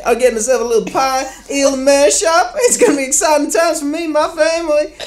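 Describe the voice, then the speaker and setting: A man's voice: very high voice, fairly quick, slight background noise, voice pushed up. A man doing a jokey impression of a famous footballer, boastful and repeating himself. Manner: breathless, boastful, repeats "no doubt about it".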